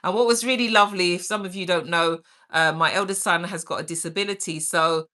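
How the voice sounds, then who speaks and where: A woman's voice: fairly low pitch, fairly quick, bright, forceful tone. A middle-aged woman hosting a livestream, chatting energetically and caringly while reading out viewer comments. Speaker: livestream host.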